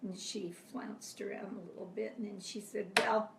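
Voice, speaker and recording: An older woman, a grandmother, gently telling family stories with soft laughs, her voice close to tears. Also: medium pitch, level tone, normal speed, gravelly. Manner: gentle, reflective storytelling with frequent soft laughs. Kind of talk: personal storytelling. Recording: echoey room, mic far off, faint background hiss.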